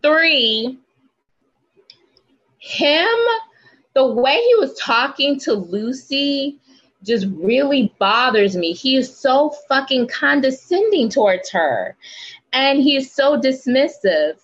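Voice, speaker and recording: A woman's voice: high-pitched, lively intonation, slow, fairly bright tone, breathy edge, lo-fi sound. A woman co-hosting a casual podcast, ranting emphatically and swearing freely. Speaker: podcast co-host.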